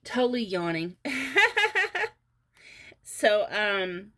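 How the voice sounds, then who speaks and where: A woman doing a casual pick-a-card tarot reading, often laughing and pausing with fillers. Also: mid-range voice. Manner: giggly, halting with many fillers. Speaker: tarot reader.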